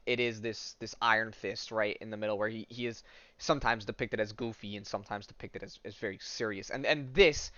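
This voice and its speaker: Rambling man with a smooth, dull voice. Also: lowish voice, fairly bright tone, no echo. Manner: rambling, many restarts and fillers. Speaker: podcast host. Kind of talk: casual podcast commentary, reading a comic aloud.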